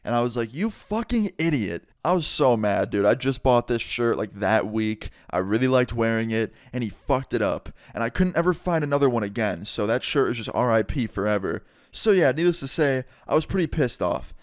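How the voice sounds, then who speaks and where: A young man casually telling a story, swearing often and retelling it in an animated way. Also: medium pitch, brisk, few pauses, clear, resonant tone, no room sound, studio quality. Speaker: vlogger. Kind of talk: storytime vlog.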